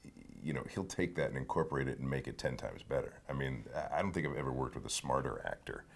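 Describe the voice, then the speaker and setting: Man with a very deep, gravelly voice. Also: expressive. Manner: halting, restarts phrases. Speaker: film collaborator interviewed. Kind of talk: reflective interview.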